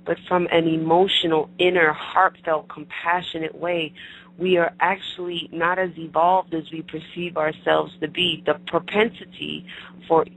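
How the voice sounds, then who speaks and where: Gravelly, bright-voiced male host. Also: fairly high pitch, flat delivery, poor audio. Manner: earnest, reflective, halting with fillers. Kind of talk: interview conversation.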